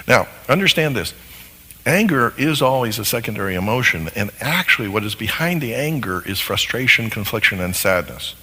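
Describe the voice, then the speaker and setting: A man's voice: medium pitch, big pitch swings, normal speed, bright, forceful tone, husky. A man teaching a lesson on marriage who often asks his listeners rhetorical questions. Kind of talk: lecture on marriage. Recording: long hall reverb.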